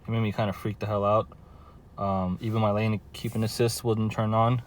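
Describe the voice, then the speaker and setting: A man's voice: fairly low pitch, flat delivery, a little fast, slight background noise. A man from Southern California, filming a casual vlog outdoors by his car and explaining car trouble in a rambling way, full of fillers and restarts. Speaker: car owner vlogger.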